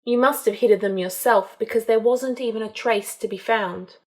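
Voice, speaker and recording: A woman's voice: a little high, normal speed, natural voice. A woman reading a fan fiction audiobook, voicing a young male wizard who coldly confesses past killings in a matter-of-fact way. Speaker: audiobook reader.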